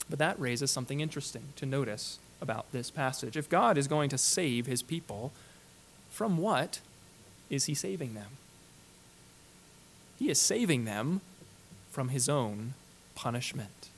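Man preaching an emphatic, measured sermon. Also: a little high. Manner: measured, emphatic delivery with dramatic slowing and softening on key words.

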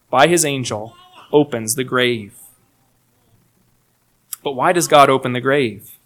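Emphatic man preaching a sermon. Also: high-pitched. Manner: earnest, emphatic, swings between soft and raised delivery. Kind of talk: expository sermon.

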